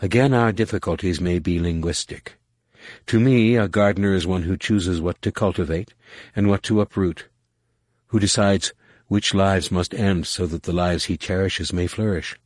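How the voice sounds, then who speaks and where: A man reading a calm, enigmatic female alien mentor in an audiobook, speaking slowly and in measured questions. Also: deep voice, no room sound, studio quality, natural voice. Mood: calm riddling.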